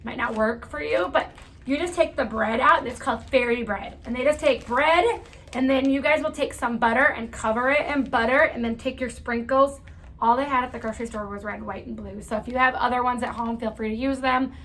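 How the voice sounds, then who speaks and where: A woman's voice: a little high, fairly quick, fairly bright tone. A woman giving a casual lesson to children, chatty with lots of fillers and asides. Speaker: teacher. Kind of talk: casual classroom lesson for kids.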